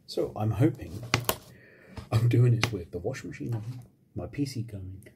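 A married adult man hosts a casual mukbang ASMR video at home, filmed on a phone, with a washing machine and computer running. He talks wryly and self-mockingly and swears casually, his voice fairly low, gravelly and expressive at a normal speed. The recording is very noisy.

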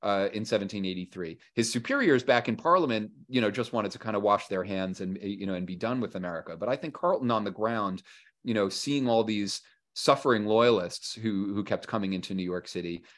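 A man's voice: lowish voice, a little fast. A man being interviewed as a historian, talking casually and acting out what historical figures said, with frequent fillers and restarts. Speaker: historian and author guest. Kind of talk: conversational interview.

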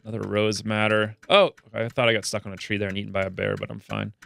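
A man chatting casually while playing a video game, excitable and chatty, his voice jumping up high when something delights him, with a slightly stuffy nose. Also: fast talker, creaky, slight background noise. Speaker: let's play gamer. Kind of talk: casual gameplay commentary.

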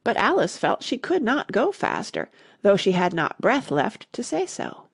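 A woman narrating an audiobook in an expressive storytelling manner. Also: medium pitch, measured pace, gravelly, breathy edge, no room sound, studio quality. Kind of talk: scripted narration.

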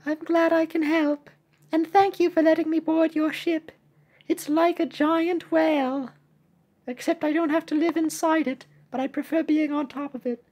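A woman doing a squeaky chirpy shark cookie sidekick. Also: fairly even intonation, moderate pace, a little mellow, natural voice. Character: cheerful high-voiced young shark cookie sidekick.

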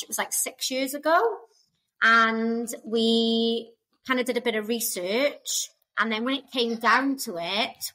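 A Welsh woman chats casually as a podcast guest over a video call. Her voice is bright and sits fairly high, and she tells her stories loosely. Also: low-quality recording. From Wales. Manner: chatty, laughs while telling stories. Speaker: guest, migrant to Australia. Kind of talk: casual interview chat.

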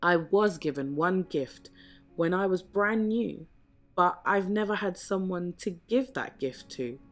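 A woman voicing a lonely, wistful male whale in a storybook read-aloud, speaking softly and hesitantly. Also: lowish voice, animated, unhurried, soft background music. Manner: soft, hesitant, near tears.

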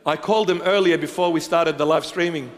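A man preaching a sermon as a bishop, impassioned and repetitive, swinging from loud declarations to hushed tenderness. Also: fairly high pitch, fairly even intonation, a little fast, long reverb tail. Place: church.

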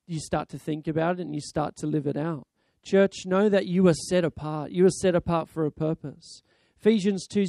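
A man's voice: high-pitched, dark tone, no room sound. A middle-aged Australian man preaching as a pastor, closing in fervent prayer with repeated appeals to the Lord. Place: church sanctuary.

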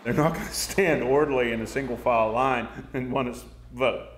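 A man's voice: mid-range voice, normal speed, slight background noise. A man, a union official, speaking in a weary, matter-of-fact way, recorded in an echoey room. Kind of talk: documentary interview.

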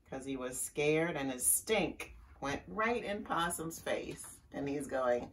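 A woman's voice: on the low side, far from the mic. A woman librarian reading a picture book aloud to young children, chatty and asking them questions. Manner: slow, lively and chatty with young listeners.

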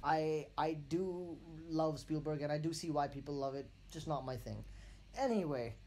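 A man's voice: a little high, normal speed, warm tone. A man co-hosting a film podcast, chatting loosely and breaking off his own thoughts to apologize. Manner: rambling, self-interrupting, apologetic. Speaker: podcast co-host. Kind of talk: casual chat.

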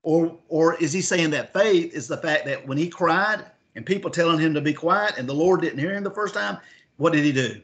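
A man's voice: on the high side, moderate pace, fairly bright tone. Man teaching a Bible class. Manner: asks the class questions, reads scripture aloud. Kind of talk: interactive Bible lesson.

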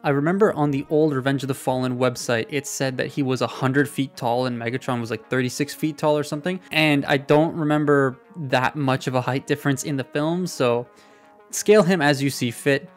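A man's voice: medium pitch, fairly even intonation, brisk, soft background music. A man giving a casual, chatty toy review with offhand, sarcastic asides, speaking into a desktop microphone. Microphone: desktop USB mic.

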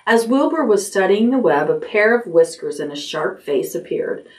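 A woman, a children's librarian, reading a chapter book aloud at bedtime in a gentle, expressive way. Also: medium pitch, normal speed, recorded from a distance.

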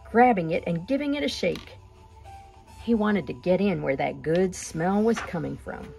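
A woman reading a children's picture book aloud with gentle, expressive pacing. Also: lowish voice, gravelly. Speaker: storyteller.

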